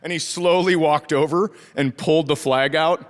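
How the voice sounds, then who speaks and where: A man's voice: fairly high pitch, moderate pace. A man from rural Minnesota doing a stand-up comedy set, telling stories and acting out the voices of people in them. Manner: animated storytelling with acted-out voices. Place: large theater stage. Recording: live hall reverb with audience noise. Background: audience laughter and cheering.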